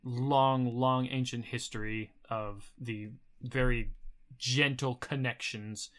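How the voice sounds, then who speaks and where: Casual male game master, bright voice. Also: mid-range voice, steady tone, slow. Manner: casual, many fillers. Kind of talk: narrating a tabletop game.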